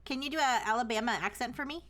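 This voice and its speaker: A woman's voice: a little high, quick pace, a bit bright. A young woman streamer chatting casually, with a lot of "like" fillers. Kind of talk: casual chat.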